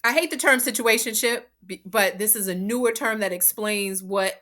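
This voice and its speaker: A woman co-hosting a podcast in casual chat, halting and emphatic, with frequent restarts. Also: mid-range voice, sharp tone. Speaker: podcast co-host.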